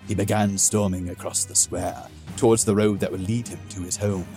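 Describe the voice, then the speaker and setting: A man reading fantasy fiction aloud in a slow, measured manner. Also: low voice, steady tone, mellow, faint music behind. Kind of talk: audiobook narration.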